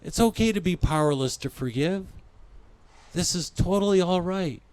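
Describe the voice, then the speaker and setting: A man giving a spiritual talk at a conference, speaking gently and reflectively and often repeating his phrases. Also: high voice, moderate pace, clean tone, no echo.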